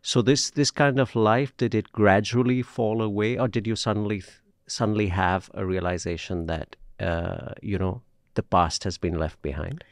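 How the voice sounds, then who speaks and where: A lower-pitched man conducts an interview in a gentle, unhurried way. He asks his questions with small hesitations and fillers. The sound is close and dry. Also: fairly even intonation, dry recording.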